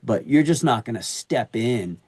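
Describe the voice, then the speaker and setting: A man's voice: mid-range voice, normal speed, slightly rough, no echo. A middle-aged man talking on a podcast, spinning stories with slangy street talk and plenty of energy. His voice sits in a middle register and is recorded dry and close, with no room sound around it. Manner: animated storyteller using slangy street talk. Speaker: HVAC sales advisor, podcast guest. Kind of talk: casual podcast conversation.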